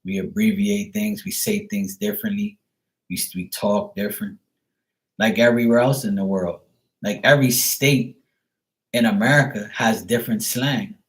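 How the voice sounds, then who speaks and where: A Bermudian man with a low-set voice talks loosely on a live stream. He rambles through his thoughts, leaning on "like" and dropping casual swears. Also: moderate pace, low-quality recording. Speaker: tarot reader, live streamer.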